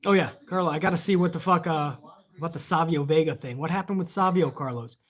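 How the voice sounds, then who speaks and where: A man's voice: on the high side, fast. A man hosting a live wrestling stream, chatting casually and rambling with plenty of swearing while reading viewer donations aloud.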